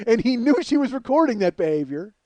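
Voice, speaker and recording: A man hosting a comedy podcast, riffing through a profane, animated monologue. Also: extremely high pitch, quick pace, dry recording, lo-fi sound.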